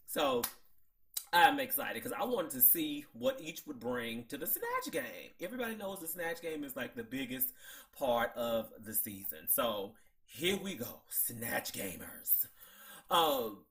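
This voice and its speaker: A man hosting a casual TV recap, excitable and chatty, laughing at his own jokes. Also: mid-range voice, unhurried, creaky. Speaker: show host.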